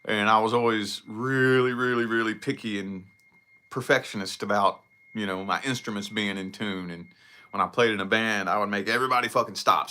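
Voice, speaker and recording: A man's voice: fairly low pitch, fairly even intonation, a little fast, sharp tone. A man talking casually to camera in a solo vlog, rambling and swearing freely as he picks apart his own habits. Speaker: vlogger.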